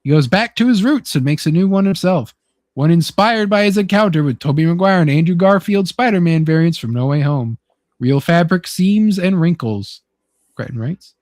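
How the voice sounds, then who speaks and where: A man's voice: on the high side, lively intonation, normal speed, a little mellow, no echo, studio quality. A man hosting a casual chat who reads from a film script, rambling with many fillers and restarts. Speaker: host.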